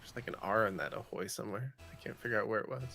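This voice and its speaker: A man's voice: fairly low pitch, rapid-fire, creaky, pushed and bright, soft background music. A man co-hosting a morning gaming stream, chatting in a laid-back, easygoing way. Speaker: co-host. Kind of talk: casual livestream chat while gaming.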